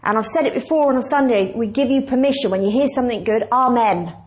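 A woman's voice: a little high, fast talker, dark tone. A woman pastor preaching a conversational, emphatic sermon and asking the congregation questions.

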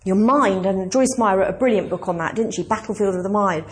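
A woman's voice: medium pitch, a little fast. A woman pastor preaching a conversational, emphatic sermon and asking the congregation questions.

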